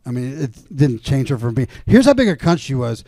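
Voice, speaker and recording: A man's voice: mid-range voice, a little fast, no room sound. Male podcast guest, casual profane storyteller, dry close mic, mid-range voice. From Atlanta comedy scene. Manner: rambling, profane, animated storyteller.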